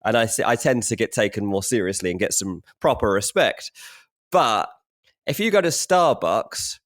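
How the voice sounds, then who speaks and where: A man with an English accent co-hosting a football podcast, chatty and excitable, often saying "mate". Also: lowish voice, moderate pace, no echo, clean studio sound. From England. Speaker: podcast co-host. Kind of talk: casual football podcast chat.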